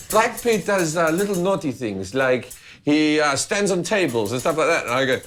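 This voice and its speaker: A middle-aged Australian man, a comedian, chatting casually in a kitchen and telling bawdy stories full of quick impressions. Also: on the high side, very animated, a bit bright, faint music behind. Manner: bawdy storyteller, slips into impressions. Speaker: comedian guest. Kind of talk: casual chat while cooking.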